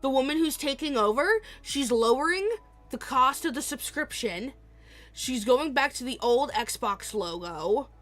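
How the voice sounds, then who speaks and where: A woman streamer chatting casually and profanely while playing, with faint music behind. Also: fairly high pitch. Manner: profane, animated, laughing often. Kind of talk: casual gaming stream chat.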